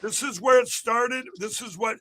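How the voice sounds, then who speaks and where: A political candidate giving an emphatic, repetitive rally-style interview on a podcast. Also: male voice, very high-pitched, normal speed, sharp tone, slight background noise.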